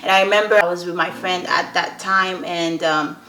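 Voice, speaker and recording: A woman's voice: fairly low pitch, steady tone, normal speed, bright, forceful tone. A young woman from Nigeria, earnestly telling a personal story to her viewers and often checking in with them. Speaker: vlogger. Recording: roomy echo.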